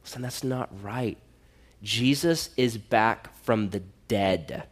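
A man's voice: fairly low pitch, slow pace. A man preaching a sermon in a church, earnest and conversational, building to emphatic exhortations. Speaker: pastor.

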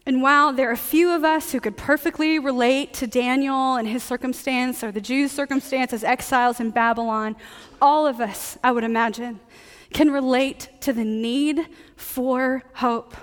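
A woman preaching a sermon with a bright, high-pitched voice, chatty and joking with the congregation. Her words ring out with the long reverb of a large church hall. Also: steady tone, moderate pace. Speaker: pastor.

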